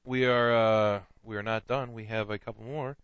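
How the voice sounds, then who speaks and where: A low-voiced man runs a comedy podcast, cueing his co-hosts and keeping the segments moving. His mic sounds dull and lo-fi, and the sound is dry, with no room echo. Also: steady tone, moderate pace, clear, resonant tone. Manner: directing, prompting others to read. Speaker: podcast host. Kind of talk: casual comedic chat.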